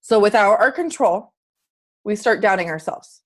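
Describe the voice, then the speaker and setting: A woman's voice: mid-range voice, lively intonation, moderate pace. A woman fitness coach giving an earnest, chatty motivational talk on a group video call, asking her listeners questions.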